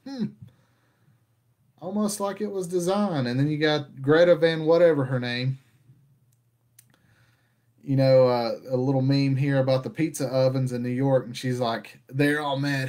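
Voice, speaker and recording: A man's voice: mid-range voice, steady tone, measured pace, pauses often, a little mellow. A man hosting a casual rant, talking in an exasperated, conversational way. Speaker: podcast host.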